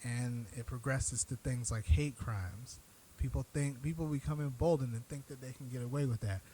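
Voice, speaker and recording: A man's voice: medium pitch, normal speed, mellow, slight background noise, low-quality recording. Blunt, earnest male show host. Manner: earnest, blunt, profane when riled. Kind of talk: direct-to-camera commentary.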